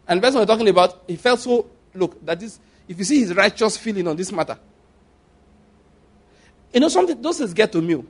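A man with a fairly high voice delivers a conversational sermon. He repeats phrases for emphasis and moves between hushed, intimate stretches and louder, pressing ones. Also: lively intonation, a little fast, pauses often, husky. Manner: repeats phrases for emphasis, swings from soft to loud. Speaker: preacher.

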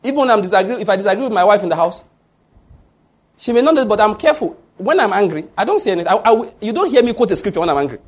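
Male pastor, high voice, husky, preaching a sermon with call-out questions. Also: sing-song, racing. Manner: asks the congregation rhetorical fill-in questions.

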